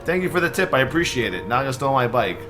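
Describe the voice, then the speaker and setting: A young man hosting a live stream, stressed and excitable, swearing and thanking subscribers in quick bursts. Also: medium pitch, soft background music. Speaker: livestream host. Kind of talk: live reaction stream chatter.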